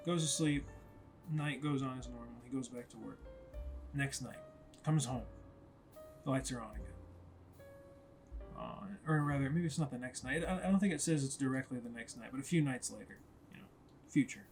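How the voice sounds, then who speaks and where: A man's voice: mid-range voice, moderate pace, pauses often, a little mellow, soft background music. A man casually retelling a story in a rambling, conversational way, correcting himself as he goes.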